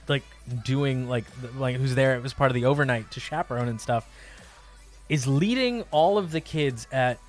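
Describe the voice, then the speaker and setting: Man telling a story over soft music. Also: mid-range voice. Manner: animated, laughing storyteller with many fillers. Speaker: streamer. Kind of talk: casual storytelling on a live stream.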